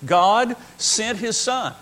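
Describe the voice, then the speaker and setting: Man, high voice, earnest Bible teacher, emphatic and repetitive. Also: slow, fairly bright tone. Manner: earnest, emphatic, repeats key phrases. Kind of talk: Bible lesson.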